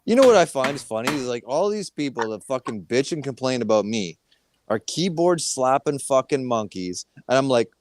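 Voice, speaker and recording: A man's voice: medium pitch, big pitch swings, moderate pace, no echo. A man co-hosting a casual chat show, ranting heatedly and swearing constantly. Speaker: co-host.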